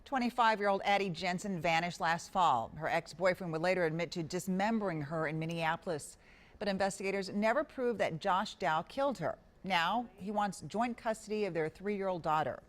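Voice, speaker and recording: A woman news anchor introducing a story in a crisp, formal delivery. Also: lowish voice, moderate pace.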